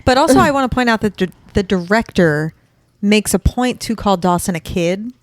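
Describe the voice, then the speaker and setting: A woman's voice: medium pitch, lively intonation, normal speed, no echo. A woman co-hosting a podcast, making wry, teasing asides in casual chat about a TV show. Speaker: podcast co-host.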